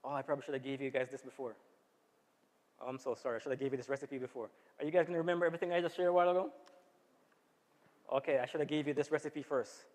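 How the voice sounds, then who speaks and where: Racing along yet dropping into long pauses, a man with a steady, mid-range, slightly mellow voice gives a casual health talk in a church hall. He regularly turns to the church audience with "right?", and the recording has a long hall reverb.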